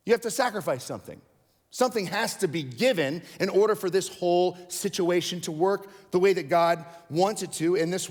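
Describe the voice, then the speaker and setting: A pastor delivers a sermon in a relaxed, conversational way, slipping into voiced quotes to make his points. His voice sits high for a man. The sound carries the long reverb of a church hall. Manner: casual, animated preaching with voiced quotes.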